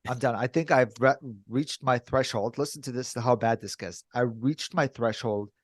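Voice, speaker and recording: Animated storytelling man, dry close sound. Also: moderate pace, no room sound. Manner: animated storyteller, mimics cheerful greetings in a higher voice. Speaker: podcast co-host. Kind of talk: candid casual chat.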